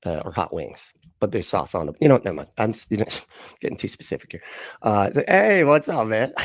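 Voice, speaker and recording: A man's voice: sits low, darkish tone, no room sound, clean studio sound. A man hosting a livestream, rambling and joking casually, swearing a lot and laughing often. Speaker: livestream host reacting to videos. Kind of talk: casual profane livestream chat.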